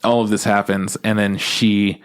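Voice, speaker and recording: A man co-hosting a podcast in casual chat, animated and laughing often as he retells scenes. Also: normal speed. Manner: animated, acts out characters in high voices, laughs often. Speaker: podcast co-host.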